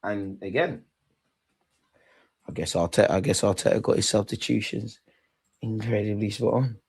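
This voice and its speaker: A man's voice: lowish voice, normal speed, gravelly, slightly rough. A young man hosting a livestream football reaction, ranting and taunting his chat. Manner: excitable, taunting, shouts at chat. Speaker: fan channel host.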